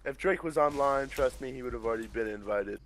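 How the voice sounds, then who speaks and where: A man's voice: mid-range voice, quick pace, a bit bright. A young man posing as a famous streamer in casual gaming chat, answering evasively with plenty of fillers and hesitations. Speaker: hired player posing as a streamer. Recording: noisy game-chat audio with gunfire.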